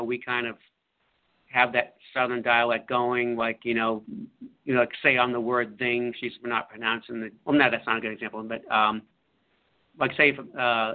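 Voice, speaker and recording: Hesitant man on a phone line. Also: medium pitch. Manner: halting, full of fillers and restarts. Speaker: author being interviewed. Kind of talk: casual radio interview.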